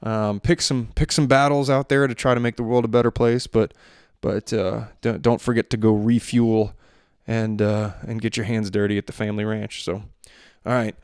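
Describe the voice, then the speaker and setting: A man in his thirties or forties tells a family story in a relaxed, rambling way, full of "you know" and restarts. His voice is smooth and clear at an average pitch. The recording is dry, made close on a handheld mic in a bedroom at home. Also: normal speed, no room sound. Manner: chatty, loose, many fillers and restarts. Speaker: podcast host and father. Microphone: handheld microphone.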